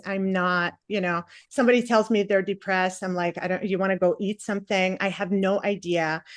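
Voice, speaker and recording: Woman comic, mid-pitch, chatty stand-up delivery, self-deprecating, lively asides. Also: no echo, clean studio sound. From Palestinian family. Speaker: stand-up comedian. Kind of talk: stand-up comedy set. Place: comedy stage before a live audience.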